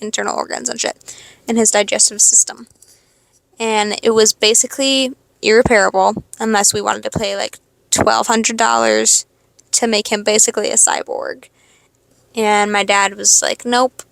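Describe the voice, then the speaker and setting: A woman's voice: fairly high pitch, steady tone, normal speed, gravelly, pauses often, a bit bright, no echo. A young woman hosting a podcast, telling a rambling, expletive-laden personal story in a casual confessional monologue. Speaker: podcast host.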